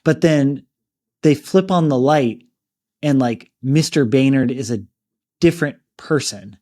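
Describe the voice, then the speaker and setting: A man's voice: mid-range voice, a little slow, mellow. A man co-hosting a book podcast, retelling a story in a loose, chatty way full of "like" and "you know". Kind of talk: casual book discussion.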